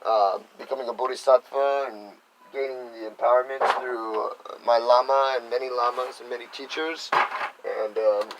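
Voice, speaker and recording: A man giving an unhurried, earnest spiritual talk, full of fillers and soft asides. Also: mid-range voice, fairly even intonation, background noise. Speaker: spiritual teacher.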